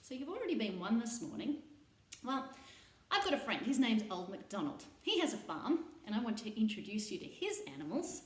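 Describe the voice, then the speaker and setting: A woman's voice: fairly high pitch, very animated, a little fast. A woman hosting a children's playtime session, leading stretches and farm animal sounds in a playful, sing-song way. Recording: roomy echo.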